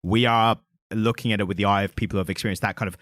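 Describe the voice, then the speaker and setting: A man's voice: fairly low pitch, fairly even intonation, racing, fairly bright tone, no echo, clean studio sound. A man co-hosting a comics podcast, talking in a casual, musing and self-deprecating way. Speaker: podcast co-host. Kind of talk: casual chat.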